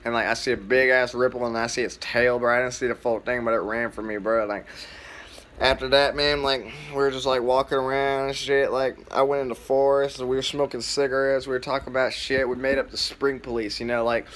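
A man's voice: mid-range voice, level tone, a little fast, a bit bright. A young man vlogging and telling a rambling, profane, laid-back story full of fillers.

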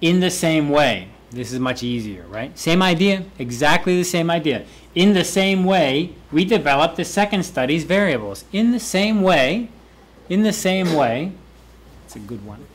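A male university English professor with a fairly high voice lectures a classroom on presentation skills at a measured pace. He says each key word aloud several times, swinging its pitch up and down to demonstrate how it should sound, staying lively, playful and energetic.

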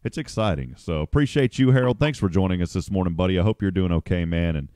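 A man's voice: sits low, fast, dark tone. A man hosting a casual morning radio show, chatty and upbeat, greeting listeners by name.

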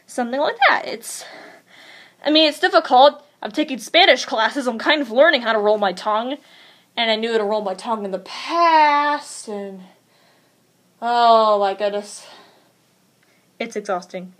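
Rambling woman with a higher voice. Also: lively intonation, moderate pace, a bit bright. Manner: rambling and hesitant, with many fillers. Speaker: vlogger. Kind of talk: casual tutorial chat.

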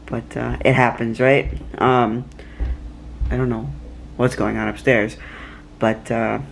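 Young guy vlogging at night, tired, rambly with lots of ums, mid pitch. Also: flat delivery, slow, creaky, slight background noise. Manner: rambling, many fillers and restarts. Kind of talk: casual chat to camera. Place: at home at night.

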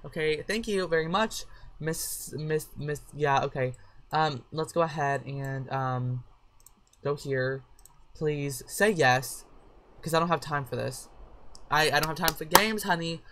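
A woman chatting through a life-sim game with a sore throat and a headache, excitable and swearing freely at her characters. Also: low voice, measured pace. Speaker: let's play gamer. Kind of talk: casual gameplay commentary.

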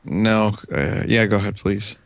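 A man's voice: on the low side, measured pace, creaky, dry recording. A man co-hosting a casual podcast, laid-back and hesitant while guessing, swearing casually.

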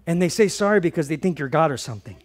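A man preaching a sermon as a pastor, conversational and animated, often repeating words and swinging between loud emphasis and soft asides. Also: on the high side, racing.

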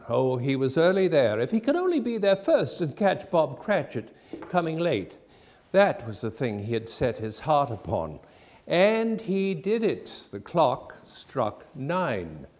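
A man narrating a classic holiday tale in a theatrical, expressive storytelling style. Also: a little high, a little slow. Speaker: actor and narrator.

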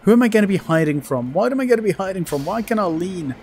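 A man's voice: high voice, lively intonation, fast talker, darkish tone, a little hiss or hum. A man commentating his game playthrough, joking at the game and laughing often. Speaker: gaming channel host. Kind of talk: let's play commentary.

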